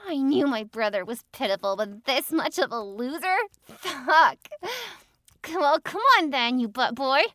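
A high, bright female voice leads this adult audio drama, a woman acting out a bossy young woman who mocks and gives orders. She speaks slowly and with deliberate control. The recording is close and dry. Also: no echo. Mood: taunting.

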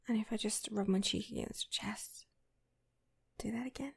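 Woman, whispered role-play: soft, slow, breathy, teasing and intimate with a partner. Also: a little high, big pitch swings. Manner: intimate, flirty, playful whispering. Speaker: audio role-play performer.

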